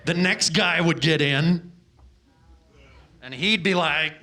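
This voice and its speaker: A man's voice: on the high side, takes it slowly, sharp tone. A man doing a stand-up comedy set on a club stage, ranting with exasperated, profane energy into a handheld microphone.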